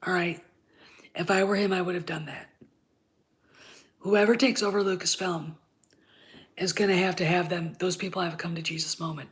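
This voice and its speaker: A woman hosts her own channel, delivering blunt, profane, heated opinion commentary while getting over covid, so her voice sounds congested. It's on the low side and steady, at normal speed, with frequent pauses.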